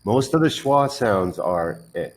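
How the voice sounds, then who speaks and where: A man's voice: fairly low pitch, animated, unhurried, slight background noise, poor audio. A man teaching English pronunciation one on one, patiently modelling words and correcting the learner's drills.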